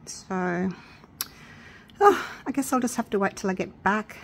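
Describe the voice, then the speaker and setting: A woman chatting casually through a resin crafting tutorial, excitable and gushing with delight. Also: medium pitch, unhurried, vocal fry. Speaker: craft vlogger.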